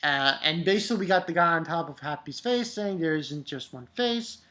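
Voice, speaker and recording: A woman giving a casual spoken review of a manga chapter, excitable, swearing freely and restarting her sentences often. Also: low-pitched, a little fast.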